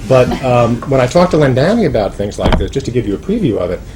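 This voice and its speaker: A man's voice: medium pitch, very animated, quick pace, noisy background. A man giving an informal talk about his book to a small audience, chatty and wry, with many fillers and restarts. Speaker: author speaking at a roundtable.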